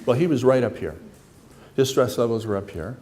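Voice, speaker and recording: A man's voice: medium pitch, animated, brisk, a little mellow. Man, middle-aged, psychologist, seminar room talk, conversational, storytelling. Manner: conversational, acts out dialogue with anecdotes. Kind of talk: seminar lecture to a live room.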